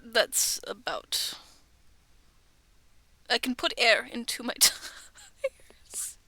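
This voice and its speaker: A woman's voice: on the high side, lively intonation, drawn-out words, bright, forceful tone. A young woman streaming from her bedroom, chatting in a rambling, giggly way that often drops to a whisper. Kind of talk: casual chat on a livestream.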